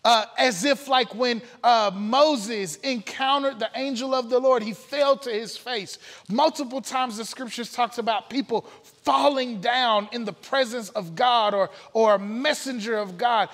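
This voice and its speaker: Guy with a really high voice telling his testimony at church, lots of uhs, big hall reverb. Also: a little slow, a bit bright. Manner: earnest storytelling with frequent "uh" fillers. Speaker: pastor. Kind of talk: testimony sermon. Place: church sanctuary.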